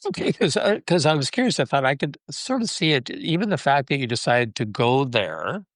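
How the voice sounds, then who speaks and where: A man's voice: medium pitch, big pitch swings, fairly quick, fairly bright tone, no echo, clean studio sound. A man hosting a podcast, asking his guest questions in a thoughtful, curious way. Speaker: podcast host. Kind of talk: interview questions.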